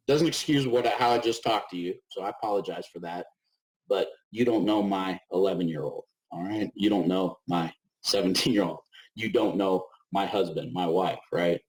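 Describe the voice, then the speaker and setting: A middle-aged man co-hosting a webinar over a video call, talking in an animated way, acting out little voices and often asking "right?". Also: low voice, moderate pace, low-quality recording. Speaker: webinar co-host. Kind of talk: casual webinar talk.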